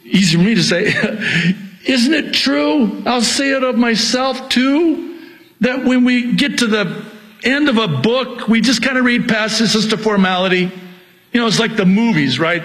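A man's voice: sits high, fairly bright tone, rough recording. A middle-aged male pastor preaching a sermon, exhorting and repeating his key points, with jokes at his own expense.

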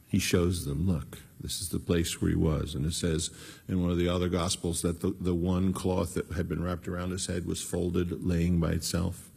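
A man with a low, gravelly, husky voice preaches in a relaxed, conversational sermon style. He acts out the voices of the figures in his text as he teaches. His voice rings with a long reverb, as in a large hall. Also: normal speed.

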